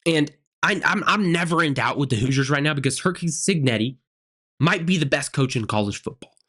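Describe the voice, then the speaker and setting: A man's voice: a little high, lively intonation, brisk, pushed and bright. A man hosting a college football reaction show, talking emphatically and repeating phrases for effect. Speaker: sports show host.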